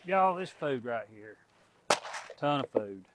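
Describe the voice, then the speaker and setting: Outdoors on a farm, a middle-aged homestead vlogger chats in a folksy way to both his viewers and his animals. His mid-range voice is animated but his pace is slow, and there's heavy background noise.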